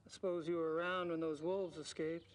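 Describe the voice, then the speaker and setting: A man's voice: fairly high pitch, flat delivery, brisk, lightly acted. An actor voicing a curious young man asking probing questions in a video game. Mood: inquisitive.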